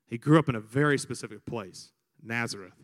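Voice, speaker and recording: A man from Alabama with a Southern American accent, a priest preaching a sermon and telling stories with lively crowd imitations. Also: mid-range voice, brisk, long reverb tail. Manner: animated storyteller, imitates crowds. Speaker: priest, vocation director. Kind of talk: sermon with storytelling.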